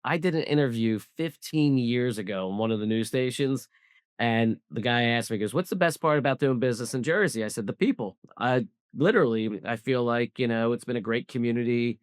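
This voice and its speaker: Man from southwest philly, interview guest, blunt and emphatic, mid pitch, dry close sound. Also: a little fast, clear, resonant tone, dry recording. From Southwest Philadelphia. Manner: emphatic, blunt, repeats points for stress. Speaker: guest, cybersecurity business founder. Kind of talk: casual interview talk.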